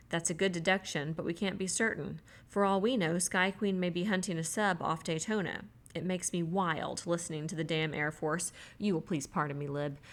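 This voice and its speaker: Low-voiced woman reading an audiobook. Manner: even, measured reading that voices the characters' lines. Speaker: audiobook reader. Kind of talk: audiobook narration.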